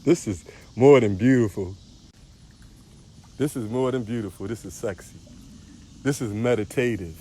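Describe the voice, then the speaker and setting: A man's voice: mid-range voice, moderate pace, long pauses, mellow, slight background noise. A man, a spiritual teacher, preaching on a livestream outdoors, repeating phrases with a sing-song emphasis.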